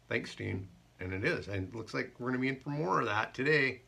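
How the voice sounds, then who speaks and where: A man hosting a live haiku show, chatting casually and joking, and reading poems slowly. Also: medium pitch, animated, vocal fry, pushed and bright, breathy edge. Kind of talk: casual live-stream chat.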